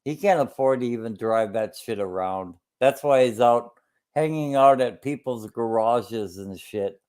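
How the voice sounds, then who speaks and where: A man's voice: medium pitch, unhurried, darkish tone. A man in a casual chat, ranting emphatically with lots of swearing and fillers.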